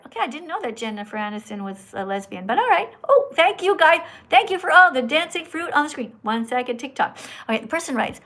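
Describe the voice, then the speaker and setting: A woman hosting a live stream, talking to callers like a teacher who lectures and corrects them. Her voice sits a little high. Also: sing-song, a little fast, fairly bright tone. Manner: schoolteacher-like, scolding and instructing; says her own voice is annoying. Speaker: livestream host.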